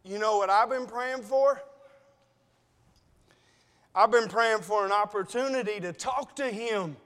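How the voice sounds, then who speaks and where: A man's voice: high voice, measured pace, fairly bright tone, in a large hall. A man preaching a sermon, telling a personal story in an emotional, conversational way and calling the congregation brethren.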